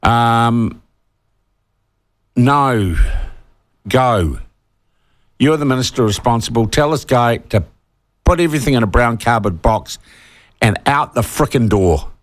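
A New Zealand man in his sixties hosts talkback radio, reading out texts in an opinionated monologue. His mid-range voice is animated and slow with frequent pauses, turning indignant and emphatic as he grows heated.

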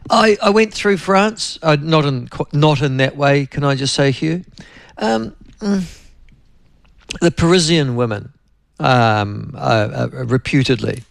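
A New Zealand man hosts a talk radio show in a gravelly, creaky voice, meandering through chatty anecdotes. The sound is close and dry, straight off a studio microphone. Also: fairly high pitch, no room sound. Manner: chatty, anecdotal, addresses co-host often. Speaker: radio host.

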